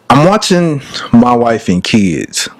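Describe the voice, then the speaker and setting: A man co-hosting a podcast in casual chat, animated and teasing, laughing often. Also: medium pitch. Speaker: podcast co-host.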